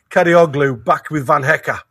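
A man giving excited, partisan live match commentary, his voice going hoarse. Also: fairly high pitch, no room sound, studio quality. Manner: excitable, rapid, restarts sentences. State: losing his voice. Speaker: fan commentator.

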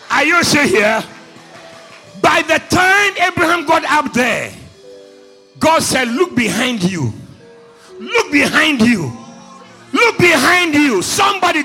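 High, bright, shouting male preacher. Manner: shouting emphatic preaching with call and response; acting out a story with volunteers. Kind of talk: sermon. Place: church.

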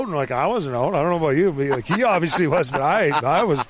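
A man's voice: fairly high pitch, expressive, quick pace. A man hosting a casual chat, telling long rambling stories with constant filler words. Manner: rambling, heavy use of "like". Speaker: podcast host.

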